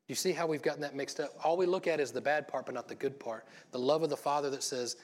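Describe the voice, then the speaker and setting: A man's voice: medium pitch, fast talker, few pauses. A man giving an informal church sermon, folksy and rambling, with joking asides to the congregation. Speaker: lay preacher.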